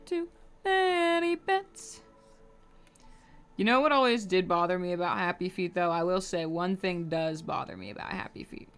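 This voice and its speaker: A woman's voice: fairly low pitch, a little fast, hardly any pauses, fairly bright tone, smooth. A young adult woman streaming live while she draws, rambling casually to her chat and humming between remarks.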